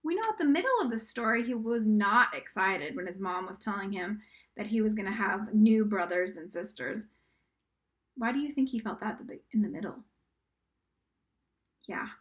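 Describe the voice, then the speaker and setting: Speaking at a medium pitch, a woman teaches young kids reading and writing in a recorded lesson, sounding words out slowly. She stays patient and encouraging, sometimes dropping to a whisper.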